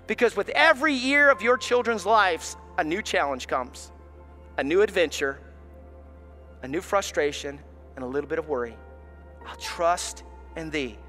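High-voiced impassioned preacher. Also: male voice. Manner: impassioned preaching, swings from hushed to shouting. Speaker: pastor. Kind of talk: sermon.

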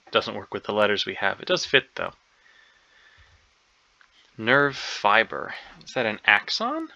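A man with a sharp, gravelly voice thinks aloud through a crossword puzzle. He talks in hesitant, half-sure bursts, stacking ums and second guesses. The recording is dull and lo-fi. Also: on the low side, big pitch swings, a little slow, long pauses, no room sound. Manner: hesitant, unsure, many ums and self-doubts. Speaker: crossword solver.

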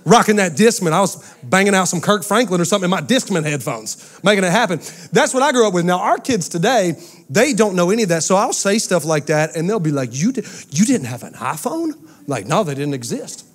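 A man, preaching a sermon to a church crowd with lively storytelling and call-outs to the congregation. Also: high voice, a little fast. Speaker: pastor. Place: church sanctuary with a live audience.

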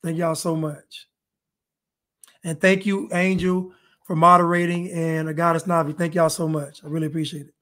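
A man's voice: on the high side, flat delivery, moderate pace, bright, forceful tone. A man hosting a live podcast stream, chatting casually, joking, repeating himself and thanking viewers. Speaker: podcast host.

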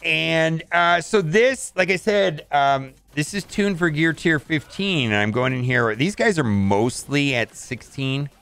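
A man talks his way through a mobile game in loose, rambling commentary, often restarting mid-sentence as he thinks aloud. His pitch swings widely up and down. Soft game music plays quietly behind him. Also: lively intonation, unhurried, few pauses, clean tone. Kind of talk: casual gameplay commentary.

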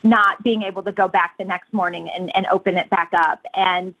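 A woman entrepreneur telling personal stories in a casual interview, earnest and animated, with frequent fillers. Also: on the low side, normal speed, muffled recording. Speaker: guest entrepreneur.

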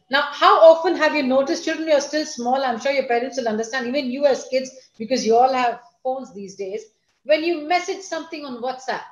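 A woman gives a lecture to students and parents, speaking in a teacherly way. She is expressive and talks straight to her listeners. Her voice sits a little high and carries a roomy echo. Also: muffled recording. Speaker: school principal giving a talk.

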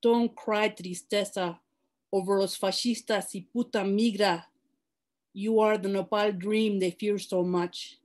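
A woman poet gives a spoken-word reading from home over a video call. Her voice sits at an ordinary middle pitch, and her delivery gathers intensity as the lines pile up. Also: steady tone, a little slow, a little mellow. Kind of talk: poetry reading.

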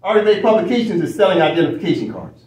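A man's voice: sits high, lively intonation, rapid-fire, a little mellow, echoey room, distant mic, low-quality recording. A man leading a study session, lecturing emphatically with repeated phrases and rhetorical questions. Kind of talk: lecturing while reading from a screen.

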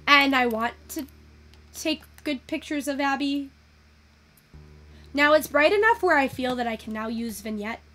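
A young woman giving casual, excitable commentary while taking in-game photos, swearing freely and gushing over what she sees. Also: high voice, unhurried, long pauses. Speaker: virtual photography creator.

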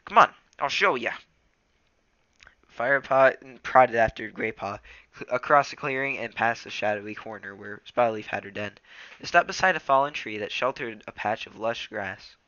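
A man's voice: lowish voice, moderate pace, pushed and bright, clear, resonant tone, no echo, muffled recording. A teenage boy reading a novel aloud casually, stumbling and correcting himself. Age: teens. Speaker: reader.

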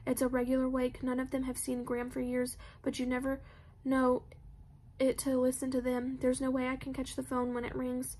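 A woman voicing a withdrawn teenage boy who speaks in a flat, distant way. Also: sits high, moderate pace.

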